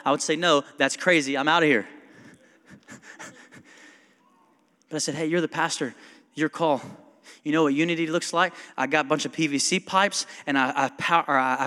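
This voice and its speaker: A man's voice: a little high, bright, forceful tone. A male pastor giving a casual, story-driven sermon, quoting people and asking the congregation questions. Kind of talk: conversational sermon. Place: church sanctuary. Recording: long church hall reverb.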